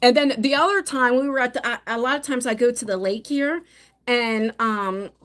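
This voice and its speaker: A woman's voice: a little high, normal speed, a bit bright. A middle-aged woman chatting casually on a live phone stream, telling family stories with many restarts. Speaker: vlogger.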